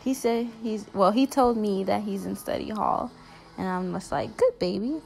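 A young woman, chatting excitedly in a casual vlog from home. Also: mid-range voice, normal speed, creaky, faint music behind. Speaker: vlogger.

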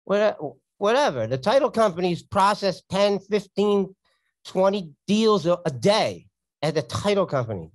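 A man tells a story in a blunt, sarcastic teaching talk. His voice sits a touch high, and the sound is dry and close. He keeps it casual, as if walking people through slides. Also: very animated, measured pace, no room sound. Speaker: real estate investor teaching from his deals.

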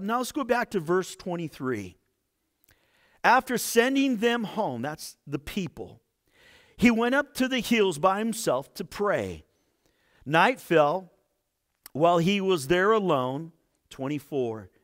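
A man pastor preaching a sermon, reading scripture dramatically with acted-out quotes and dropping to quiet low asides between loud points.

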